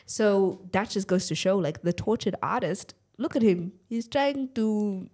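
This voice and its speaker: A young adult woman with a medium-pitched voice co-hosts a relaxed podcast, telling her story unhurriedly. Animated and quick to laugh, she acts out each quote.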